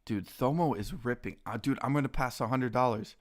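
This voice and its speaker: A young man casually chatting on a live stream while trading stocks, excitable and slangy, greeting viewers by name. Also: medium pitch, fairly quick. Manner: excitable, talks to chat and his dogs, says dude a lot.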